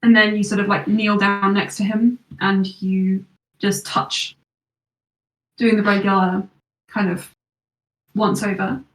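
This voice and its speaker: A woman running a tabletop game, narrating scenes and calling rolls in a measured, descriptive way. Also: medium pitch, level tone. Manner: descriptive, measured narration with quick rules talk. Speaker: game master. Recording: echoey room, voice from far off.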